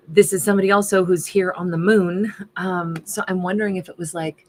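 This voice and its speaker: A woman's voice: mid-range voice, fairly quick, hardly any pauses, slight background noise. A woman doing a casual tarot reading who thinks aloud and is losing her voice. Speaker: tarot reader.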